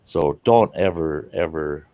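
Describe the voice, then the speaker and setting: A man's voice: extremely low pitch, slow, no echo, muffled recording. A middle-aged man hosting a casual chat, talking earnestly and from the heart. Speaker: channel host.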